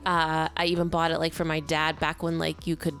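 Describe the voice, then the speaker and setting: A woman's voice: sits low, monotone, brisk, fairly bright tone, soft background music. A woman co-hosting a podcast, chatting casually about favourite holiday films with lots of fillers and laughter. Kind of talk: casual chat.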